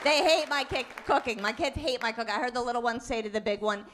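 Woman comedian, high bouncy voice, animated storytelling, handheld mic on a club stage, crowd murmur and faint noise behind. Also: brisk, few pauses. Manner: chatty, animated storytelling with mock outrage. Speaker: stand-up comedian. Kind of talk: stand-up comedy set. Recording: live club recording with audience. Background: audience laughter and room noise.

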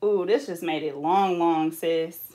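A young woman, chatting casually and telling animated, sassy stories while she braids hair. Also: lowish voice, a little slow, a little hiss or hum. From California. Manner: animated, laughing storyteller with playful sass.

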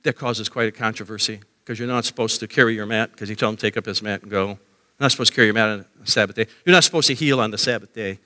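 A man preaching a sermon as pastor, telling the story with animated swings of voice and acting out crowd voices. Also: on the low side, fast, in a large hall. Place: church sanctuary.

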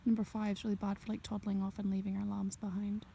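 Brief: young woman, soft-spoken ASMR, mellow half-whisper, outdoors in a field, faint noise behind. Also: mid-range voice, monotone, fast talker, gravelly. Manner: gentle and chatty, half-whispering. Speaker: ASMR creator and farmer.

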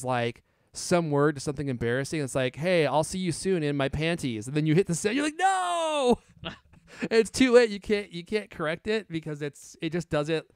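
A man hosting a casual tech podcast, chatting easily with a smooth, resonant voice. His sound is dry and close, with no room around it. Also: on the high side, no echo. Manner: casual and chatty, laughing now and then. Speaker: podcast host.

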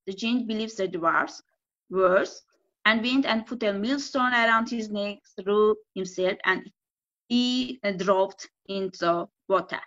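Slow, bright-voiced teacher. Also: female voice, medium pitch. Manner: halting non-native English, slow careful reading. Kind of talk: reading a folk tale aloud in a lesson presentation. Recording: dull lo-fi recording.

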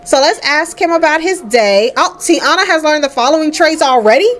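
A woman's voice: high voice, moderate pace. A woman hosting a life-sim let's play, chatting casually and laughing as she talks to her characters. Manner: chatty and animated, laughing often, talking to the sims. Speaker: gaming host.

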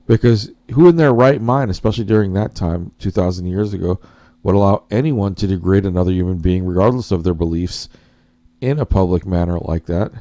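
A man with a low, warm, mellow voice hosts a casual reaction commentary. He rambles and talks straight to his viewers, often calling them guys as he searches for words and corrects himself along the way. The sound is dry and close, with no room echo. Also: a little fast. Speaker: commentary host.

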